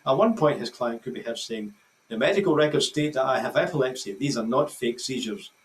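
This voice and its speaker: Scottish male newsreader, measured delivery with small restarts; slightly distant mic, faint noise. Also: medium pitch, expressive. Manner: measured reading with occasional stumbles and restarts. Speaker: news presenter. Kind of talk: read news bulletin.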